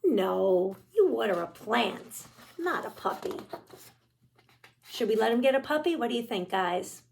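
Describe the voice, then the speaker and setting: A woman's voice: on the high side, lively intonation, measured pace, vocal fry, darkish tone, slight background noise. A woman teaching young children, explaining a craft and reading a picture book aloud, encouraging and talking straight to the kids. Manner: encouraging, speaks directly to kids, many "all right"s.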